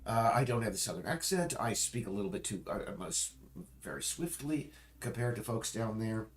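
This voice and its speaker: A man's voice: lowish voice, lively intonation, normal speed. A man chatting casually on a livestream, rambling and often restarting and correcting himself mid-sentence. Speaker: streamer. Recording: roomy echo.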